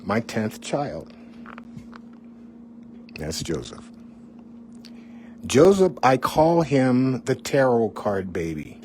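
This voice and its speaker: A man's voice: mid-range voice, very animated, extremely slow, pauses often, a little mellow, a little hiss or hum. A middle-aged man, a former TV weatherman, tells his own life story in a candid, conversational way, with asides to the listener. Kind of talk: personal storytelling.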